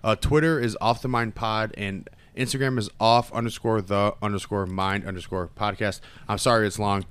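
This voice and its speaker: A man's voice: fairly low pitch, steady tone, normal speed, fairly bright tone, clean tone. A man hosting a casual podcast, laid-back and slangy, swearing freely. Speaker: podcast host.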